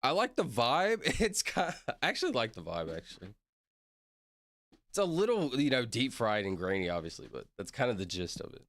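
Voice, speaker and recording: A man's voice: medium pitch, very animated, moderate pace, a bit bright, no echo, studio quality. Guy rambling on his stream, voice bouncing all over, laughs a lot, keeps saying sorry. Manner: rambling, laughs often, apologizes repeatedly. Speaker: livestreamer. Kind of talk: casual livestream chat.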